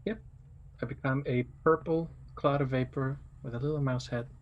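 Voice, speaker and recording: A man's voice: medium pitch, fairly even intonation, normal speed, highs cut off. A man at a tabletop game talks through what his character does in a loose, rambling way full of fillers. His voice sits in the middle range for a man. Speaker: player. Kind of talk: casual tabletop game play.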